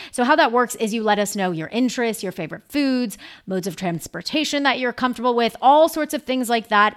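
Upbeat woman podcast host, higher voice. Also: fairly bright tone. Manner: chatty, upbeat, playful. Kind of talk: casual chat. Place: New York City.

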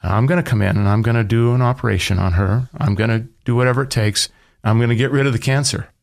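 A man's voice: mid-range voice, quick pace, vocal fry, close to an everyday voice. A man voicing God as a firm, matter-of-fact voice inside his head. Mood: reasoning. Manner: blunt, matter-of-fact bargaining.

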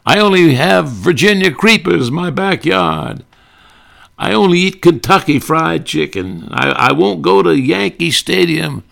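An older man putting on a blustering, boastful Southern senator with a Southern drawl, booming and full of punchlines. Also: lively intonation, a little slow, gravelly, fairly bright tone, exaggerated voice.

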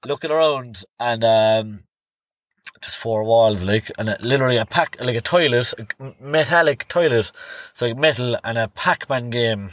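A man's voice: mid-range voice, normal speed, fairly bright tone, dry recording. A young Irish man telling a rambling night-out story on a podcast, swearing freely and tagging his sentences with "like" and "right?". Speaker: podcast guest. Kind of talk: casual storytelling.

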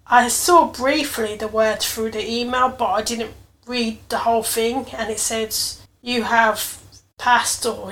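A woman talks through a personal story on her podcast, slightly higher in pitch than most. She is earnest and reflective and leans into the emotional parts. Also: fairly bright tone. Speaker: podcast host.

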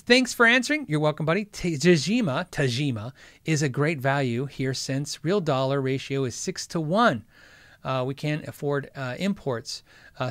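A man with a somewhat high voice hosts a live guitar gear stream, talking casually and reading chat. He rambles, cracks jokes and interrupts himself often. The sound is dry, with no room echo. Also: a bit bright, clean tone. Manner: rambling, chatty, frequently sidetracked; joking, self-interrupting. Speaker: host of a guitar gear livestream.

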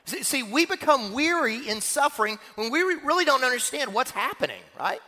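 A man's voice: extremely high pitch, big pitch swings, brisk, sharp tone, in a large hall. A male pastor preaching a sermon, telling stories from his own childhood and asking questions of his congregation.

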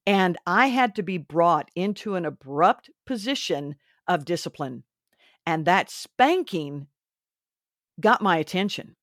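A woman's voice: fairly low pitch, animated, a little slow, fairly bright tone, no echo, studio quality. A woman hosting a faith and parenting podcast, talking earnestly and instructively, a little preachy. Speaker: podcast host. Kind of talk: faith-based parenting talk.

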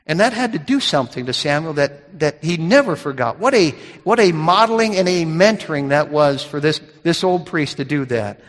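Middle-aged guy preaching, folksy stories, trips over his words a lot, voice a bit high, echoing church hall. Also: lively intonation, normal speed, few pauses. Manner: folksy storytelling with repeated restarts. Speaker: pastor. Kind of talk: sermon. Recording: long hall reverb.

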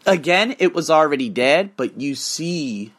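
Animated man telling a story, dry close mic. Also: a little high, a little slow, dry recording. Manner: animated, swears freely, acts out quoted dialogue. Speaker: podcast host. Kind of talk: casual storytelling monologue.

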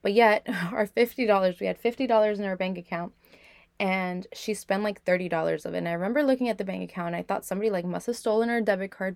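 A woman's voice: mid-range voice, quick pace, creaky, dry recording. A young woman podcast host candidly telling her own life story in a reflective way, with many "like" fillers. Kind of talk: personal storytelling.

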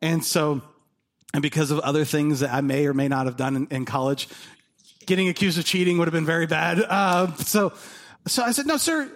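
Male pastor, high voice, animated storytelling, sermon. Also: brisk. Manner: animated storytelling, acts out dialogue. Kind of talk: sermon with personal stories.

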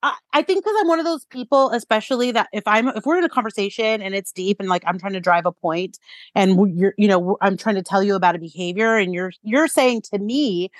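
Female podcast co-host, mid-pitched, hesitant and reflective, dry close mic. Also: fast talker, no room sound. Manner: thoughtful, hesitant, many fillers. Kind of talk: casual reality TV chat.

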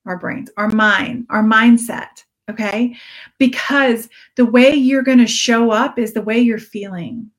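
A woman's voice: a little high, unhurried. A woman giving an earnest, encouraging live-stream coaching talk to her direct sales audience, repeating key phrases for emphasis. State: briefly teary-eyed.

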